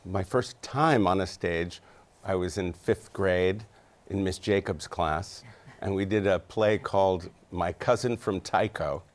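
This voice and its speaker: A man in his fifties tells stories in a studio interview, his voice sitting a little low. He is chatty and self-deprecating and laughs easily as he talks. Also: unhurried. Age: 50s. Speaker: Broadway actor, interview guest.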